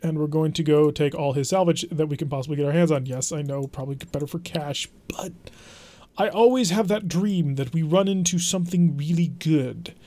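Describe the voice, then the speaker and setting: A man's voice: a little high, a little fast, mellow, dry recording. A man hosting a game let's play, commenting in a wry, chatty, self-deprecating way as he plays. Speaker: gaming channel host.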